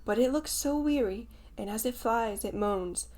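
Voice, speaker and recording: A woman voicing an excitable young boy in a storybook reading, full of breathless, wondering exclamations. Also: on the high side, normal speed, close to an everyday voice. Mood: awestruck. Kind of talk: audiobook character reading.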